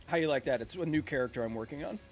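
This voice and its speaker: A man's voice: a little high, rapid-fire, soft background music. Rambling, jokey male game streamer. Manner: rambling, self-mocking, jokey asides. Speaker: streamer playing a video game and answering chat. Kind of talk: casual live-stream chat.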